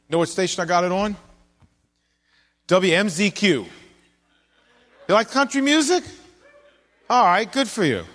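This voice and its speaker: A man's voice: fairly high pitch, a bit bright, in a large hall. A man preaching a sermon in a conversational way, asking his listeners questions as he goes. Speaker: pastor.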